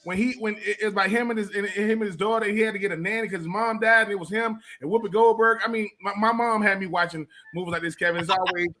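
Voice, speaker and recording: Animated high-voiced man. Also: fast, hardly any pauses, slight background noise. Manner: animated, repeats himself, slangy. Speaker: co-host. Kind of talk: casual sports radio banter.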